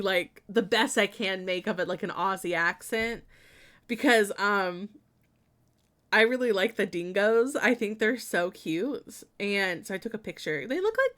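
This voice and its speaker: A woman's voice: mid-range voice, pushed and bright. A young woman streaming a building game, chatting casually with lots of fillers and giggles.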